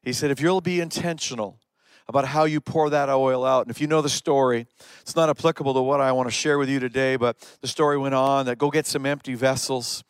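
A man's voice: mid-range voice, fairly even intonation, fairly quick, clear, resonant tone, no echo. A man preaching a sermon, retelling stories and pressing his points with rising emphatic questions. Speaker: pastor.

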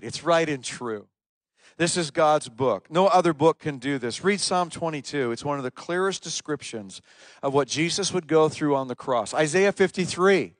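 A pastor preaching a sermon to his church, pressing hard on key words and then dropping to quiet, low asides. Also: dry recording. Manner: emphatic, swings from loud stresses to quiet low asides. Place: church service.

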